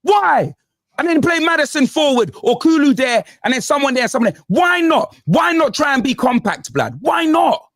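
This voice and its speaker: A high, wildly swinging male voice, ranting about football on a panel. He fires off slang-laden complaints in a restless rhythm. The sound is dry and close, with no room around it. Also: moderate pace, dry recording. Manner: animated ranting with London slang. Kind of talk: heated football banter.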